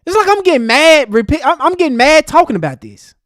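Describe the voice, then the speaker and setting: A man delivers a heated, angry commentary rant, talking straight at the person he is answering. His pitch swings widely as he speaks, and the sound is close and dry with no room echo. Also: very animated, quick pace, a bit bright. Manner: angry, ranting, addresses the speaker directly. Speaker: commentary host.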